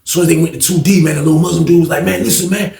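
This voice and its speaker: A man telling a story in a casual way, slangy and animated, acting out the voices of the people in it. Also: fairly high pitch, very fast, vocal fry, echoey room, a crowd in the background.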